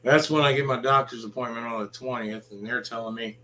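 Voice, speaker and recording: A man's voice: mid-range voice, steady tone, fairly quick, a bit bright, low-quality recording. A man ranting in a blunt, sarcastic vlog monologue, swearing freely. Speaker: vlogger.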